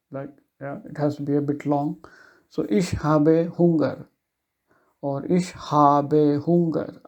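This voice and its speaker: A man giving a casual language lesson, explaining simple German phrases in loose, chatty English and slowly repeating each phrase for the listener. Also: on the high side, creaky, dark tone, lo-fi sound.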